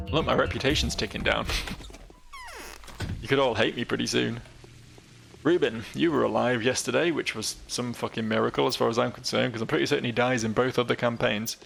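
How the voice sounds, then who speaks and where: Gravelly man joking through a game. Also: medium pitch, steady tone, fairly quick, a bit bright, soft background music. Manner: joking, wry asides. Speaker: let's play host. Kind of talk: casual gameplay commentary.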